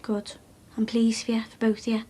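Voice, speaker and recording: A woman's voice: on the high side, completely flat delivery, fairly quick, dark tone, a little hiss or hum, close to an everyday voice. An actress playing a protective, guarded young woman in a TV soap drama, speaking earnestly.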